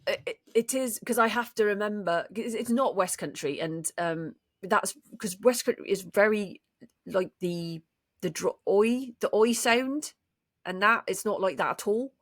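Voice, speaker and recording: Brief: woman podcast co-host, mid-pitched, chatty and halting, dry sound. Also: dry recording. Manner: hesitant, full of restarts while explaining accents. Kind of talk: casual chat.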